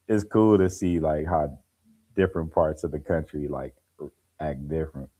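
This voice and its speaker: A man's voice: very deep voice, fairly even intonation, moderate pace, warm tone. A laid-back man chatting casually on a live stream, telling stories and laughing as he goes. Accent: African American Vernacular English. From American Midwest or East Coast. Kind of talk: casual chat.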